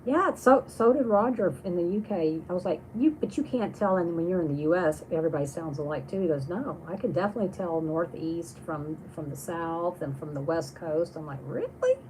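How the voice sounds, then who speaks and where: A woman's voice: fairly low pitch, brisk, few pauses, a little mellow, a little hiss or hum, poor audio. A woman hosting a casual livestream, reading viewer comments aloud and chatting on in a rambling way with many restarts. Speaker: livestream host.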